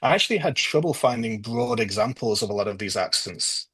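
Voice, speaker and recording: A man from northwest England hosting a trivia quiz over a video call, going through the answers casually with frequent ums and pauses. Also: medium pitch, animated, fairly bright tone, husky, no room sound, rough recording. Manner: hesitant, lots of ums. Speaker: quiz host.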